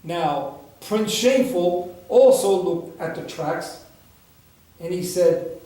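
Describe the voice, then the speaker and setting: A man, a meditation teacher, telling a story in a dharma talk in a gentle, unhurried way. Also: high voice, animated. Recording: echoey room, far from the mic.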